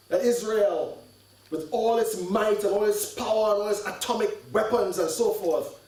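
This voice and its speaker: A man's voice: high voice, darkish tone. A man giving an earnest sermon to a gathering, full of rhetorical questions and repeated words as he thinks aloud. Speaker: sheikh giving a religious talk. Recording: echoey hall, mic at a distance.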